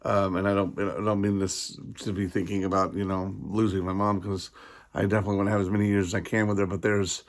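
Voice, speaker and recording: Tired, rambling man with a low voice. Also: flat delivery. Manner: rambling, halting, many fillers and restarts; sincere, grateful. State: tired, yawning. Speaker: vlogger. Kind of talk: casual personal video message.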